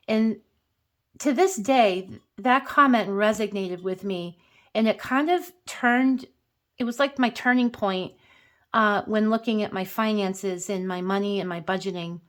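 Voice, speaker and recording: A woman's voice: mid-range voice, moderate pace. A woman in her fifties telling a personal story in a chatty, earnest way on her budgeting vlog. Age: 50s. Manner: chatty, earnest, counts bills aloud in quiet rhythm. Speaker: budgeting vlogger. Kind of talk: casual vlog storytelling and cash counting.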